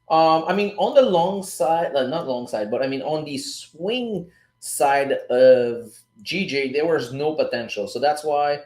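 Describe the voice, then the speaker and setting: A man's voice: medium pitch, a little mellow, roomy sound. A man hosting a casual live stream about forex trading, talking loosely to his viewers and swearing now and then. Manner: loose, chatty, swears casually, calls the audience "guys" and "dude". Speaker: livestream host teaching forex trading. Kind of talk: casual live-stream chat and trade breakdown.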